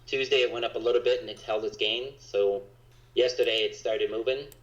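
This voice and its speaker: A man talking casually in a monotone on a stock trading livestream. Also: medium pitch, a little fast. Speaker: co-host trader. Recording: echoey, dull lo-fi sound.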